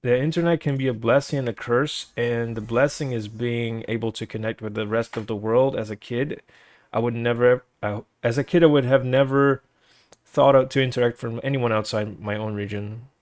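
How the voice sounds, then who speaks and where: A man from Brazil talks to his live viewers in accented English learned as a second language. His speech is rambling and hesitant, full of restarts and filler words, set at a middling pitch for a man. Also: fairly even intonation, moderate pace, a little mellow, no room sound. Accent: Brazilian Portuguese. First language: Portuguese. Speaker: streamer. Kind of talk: casual chat with stream viewers.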